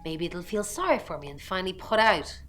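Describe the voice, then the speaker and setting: An actress playing a calm female tarot reader in a video game, speaking in a measured way with dry wit, over game music. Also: lowish voice. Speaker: game character.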